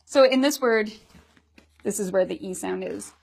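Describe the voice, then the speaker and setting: Teaching pronunciation, a woman with a mid-pitched, slightly mellow voice patiently demonstrates every vowel slowly and clearly. She repeatedly questions her learners about what they see and hear.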